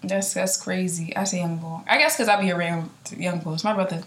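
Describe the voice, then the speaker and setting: A young woman with a Philadelphia accent co-hosting a podcast in casual, slangy chat, often trailing off softly. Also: on the low side, fairly even intonation, fairly quick. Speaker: podcast co-host. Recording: roomy echo with faint background hum.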